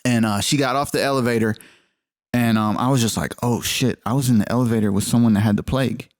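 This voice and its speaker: A man's voice: mid-range voice, steady tone, fast talker, dry recording, clean studio sound. A man co-hosting a podcast, telling rambling stories in casual chat, swearing freely and acting out what people said. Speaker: podcast co-host.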